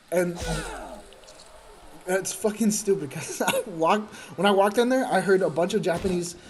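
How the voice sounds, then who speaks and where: A man's voice: high voice, measured pace, long pauses. A man streaming a game, telling a rambling, profane story with frequent laughs. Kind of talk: casual gaming chat.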